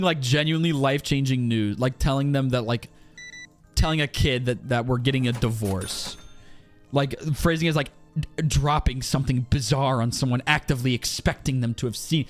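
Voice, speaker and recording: A man's voice: mid-range voice, moderate pace, soft background music. A man with a strained throat, chatting casually and ranting with exasperation to his live-stream audience while he plays, swearing freely.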